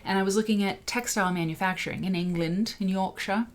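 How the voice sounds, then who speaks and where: A woman's voice: medium pitch, quick pace, few pauses, background noise. A woman hosting a casual livestream, chatting in a rambling, self-interrupting way and greeting viewers by name. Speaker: livestream host.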